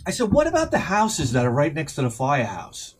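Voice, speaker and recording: A middle-aged man telling a rambling, profane story as a video host, sometimes shouting as he acts out his panic. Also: fairly high pitch, huge pitch swings, brisk, breathy edge. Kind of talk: casual storytelling vlog.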